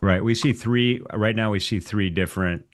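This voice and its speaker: A man co-hosting a live show, calmly reassuring his guest in short remarks. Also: fairly low pitch, normal speed. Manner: calm, reassuring short interjections. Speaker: show host. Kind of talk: live talk show co-host.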